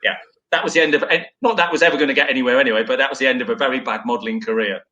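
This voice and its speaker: A man's voice: mid-range voice, very fast, bright, forceful tone, highs cut off, a little hiss or hum. A middle-aged man and former footballer, telling self-deprecating stories in a rambling, casual way.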